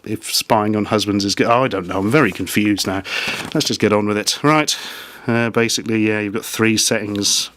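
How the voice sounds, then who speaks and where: A man's voice: on the low side, moderate pace, a bit bright, a little hiss or hum. A man casually reviewing gadgets in a vlog, making dry, self-mocking asides.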